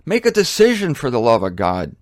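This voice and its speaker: A man's voice: medium pitch, wildly swooping pitch, brisk, dry recording, clean studio sound. A man preaching a sermon on headphones in a blunt, indignant, emphatic way. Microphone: headphones on, close mic.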